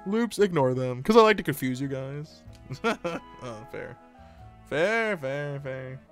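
Playful American man streaming, lively pitch. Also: takes it slowly, faint music behind. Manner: playful, joking, laughs often. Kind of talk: casual live-stream chat, reading chat aloud.

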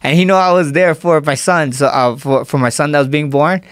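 A man's voice: fairly high pitch, a little fast, no echo, clean studio sound. A young man in his twenties, a guest fighter, telling stories in casual chat and laughing as he goes. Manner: animated, laughs while telling. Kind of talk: casual storytelling.

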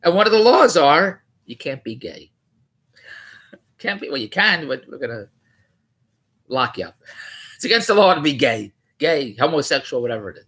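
A man's voice: sits high, big pitch swings, moderate pace, sharp tone, breathy edge. A man riffing in a rambling, mocking way on a news article, often correcting himself. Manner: rambling, digressive, self-correcting; incredulous, mocking. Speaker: vlogger.

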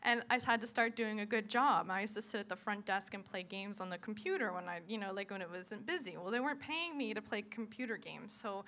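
A woman in her thirties giving a sermon testimony to a church congregation, an animated storyteller who acts out voices and laughs often. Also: medium pitch, fairly quick, hardly any pauses, a little hiss or hum. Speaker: church speaker.

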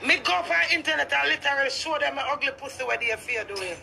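A woman's voice: sits high, fast, vocal fry, noisy background. A Jamaican woman ranting heatedly to camera, cursing freely in patois. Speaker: vlogger. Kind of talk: ranting street vlog.

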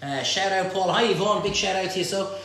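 Speaking a little fast in a high, somewhat bright voice, an Irish man runs a live cooking demonstration in his own kitchen. He reads viewers' comments aloud and trades jokes and banter with them, all in an echoey room.

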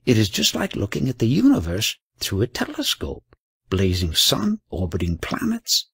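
A man's voice: fairly low pitch, huge pitch swings, moderate pace, fairly bright tone, breathy edge, no echo, studio quality, heavily acted. A man voicing a brusque, skeptical male lab assistant, in an audiobook reading. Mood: amazed.

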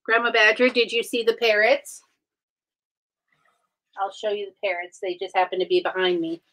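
A woman's voice: mid-range voice, flat delivery, normal speed, pushed and bright. A woman hosting a casual live stream, chatting with viewers and greeting them by name while she builds. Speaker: live-stream host building brick sets.

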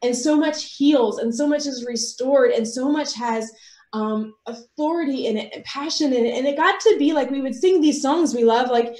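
An American woman with young children, giving an earnest, emotional faith testimony that moves between soft reflection and excited outbursts. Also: high voice, moderate pace, roomy sound. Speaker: author and speaker.

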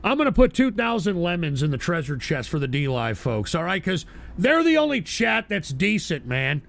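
A man hosting a livestream, reading viewer donations and swearing at his chat, often shouting angrily. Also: high-pitched, sing-song, moderate pace, vocal fry. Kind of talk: profane livestream rant.

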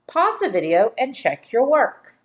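A woman teacher giving a slow dictation lesson to young children, speaking clearly and deliberately and drawing out each syllable. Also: a little high, very animated. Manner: clear, deliberate, spells words and stretches syllables.

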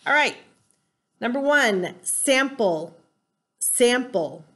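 A woman's voice: fairly high pitch, lively intonation, drawn-out words, fairly bright tone. Patient woman teaching a spelling lesson. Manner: patient, explains step by step and spells out letters.

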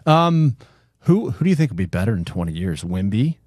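A man's voice: fairly low pitch, sing-song, fairly quick, a little mellow, no room sound, clean studio sound. A man hosting a sports podcast, jokey and scattered, often interrupting himself. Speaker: podcast host. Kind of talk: casual podcast chat.

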